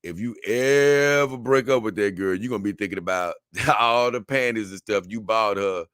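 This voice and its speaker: Forceful, bright-voiced man hosting a livestream. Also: lowish voice, normal speed, smooth, no room sound, studio quality. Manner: loose, animated and repetitive, with slang and frequent "man" and "brother". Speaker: livestream host reading viewer comments. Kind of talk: casual livestream chat.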